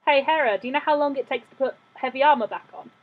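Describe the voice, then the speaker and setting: High-voiced woman game master. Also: fast talker, narrow, tinny audio. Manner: relaxed, narrating with many fillers. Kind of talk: running a tabletop game.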